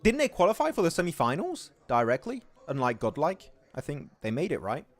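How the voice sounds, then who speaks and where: Excitable young man casting esports. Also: a little high, fairly quick. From England. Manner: excitable, reads chat aloud. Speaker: esports caster. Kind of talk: casual livestream commentary.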